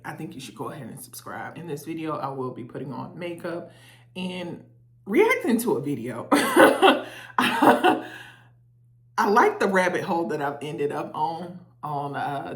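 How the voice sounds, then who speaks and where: Low-voiced woman hosting a vlog. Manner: chatty, drawls endearments, laughs. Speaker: YouTube host. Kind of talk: casual vlog intro.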